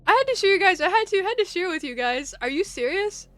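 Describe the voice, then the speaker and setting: A woman's voice: very high-pitched, very animated, fast, fairly bright tone. A young woman streaming a game, chatting casually with her viewers, giggly, teasing and swearing freely. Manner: giggly, profane, teasing toward chat. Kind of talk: casual chat over gameplay.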